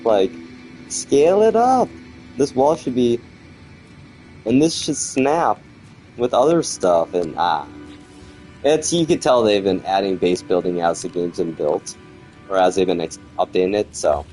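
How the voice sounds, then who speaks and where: A man's voice: low-pitched, lively intonation, measured pace, a little mellow, soft background music, poor audio. A man chatting casually as he streams gameplay, rambling and grumbling about the game's quirks while he talks to viewers. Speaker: gaming streamer.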